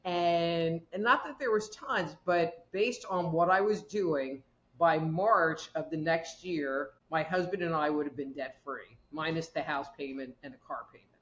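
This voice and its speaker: A woman's voice: deep voice, a little slow, a bit bright. Woman guest, rambling storyteller, echoey muffled recording. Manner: rambling, acts out quoted voices. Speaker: guest, medical intuitive. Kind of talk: casual storytelling chat.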